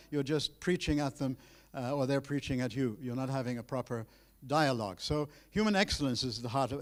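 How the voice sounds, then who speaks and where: A man with a mid-range voice gives a university lecture, animated and emphatic. He often restarts his sentences and speaks directly to his students.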